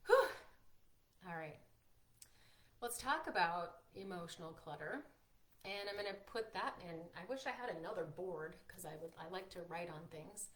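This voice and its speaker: A woman hosting a live-streamed workshop, chatty and encouraging, reading out viewers' comments and filling pauses with "like" and "um". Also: fairly low pitch, lively intonation. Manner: encouraging, frequent fillers like "like" and "um". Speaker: workshop host and coach.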